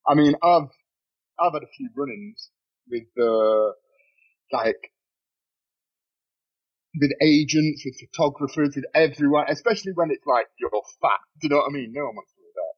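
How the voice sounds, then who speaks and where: A young man tells stories in a casual podcast chat. His voice is husky and his pitch swings widely. The recording is dull and lo-fi, like it was made in a bedroom. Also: normal speed, long pauses. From Nottingham, England. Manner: swears freely, animated storytelling with laughs. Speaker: podcast guest, model.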